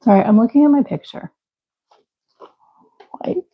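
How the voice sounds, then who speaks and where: A woman's voice: fairly high pitch, measured pace, breathy edge, dull audio. A young woman hosting a live crochet stream, chatting casually and laughing at herself while she works. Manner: chatty, self-deprecating, talks to viewers while working. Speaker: livestream crochet host.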